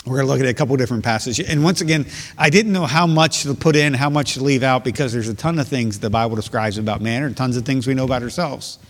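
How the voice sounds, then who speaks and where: A man's voice: medium pitch, fast talker. A man preaching as a pastor, explaining scripture with rhetorical questions and reading verses aloud. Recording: long hall reverb.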